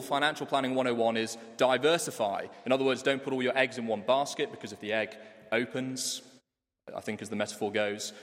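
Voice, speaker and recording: Preacher with church reverb. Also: male voice, medium pitch. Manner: animated, humorous storytelling. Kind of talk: sermon.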